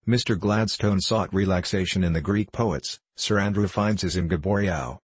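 A nervous, excitable gentleman politician, talking eagerly in a low voice, as a male reader voices him. The tone is husky, and the sound is dry and close. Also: normal speed, no echo. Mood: confiding. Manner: eager, tense.

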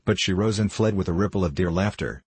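A man reading an old tale aloud at a measured, even pace. His voice is very deep with a husky edge, and the recording is dry and close. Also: no echo. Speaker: narrator. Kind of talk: audiobook narration.

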